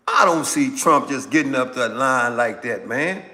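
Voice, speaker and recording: A man hosts a live stream and reacts to viewer comments in a loose, animated way, often repeating himself for emphasis. He speaks slowly in a bright, slightly raised voice. The room carries a long reverb. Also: mid-range voice. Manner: animated, repetitive, talks back to viewers. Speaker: livestream host. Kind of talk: casual political commentary reading chat.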